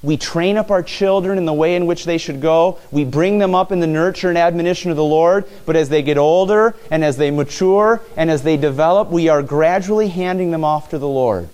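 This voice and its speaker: Conversational male preacher, slightly high voice. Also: a little fast, hardly any pauses, a little mellow. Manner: conversational, questioning the congregation; frequent stumbles and repetitions. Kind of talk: sermon.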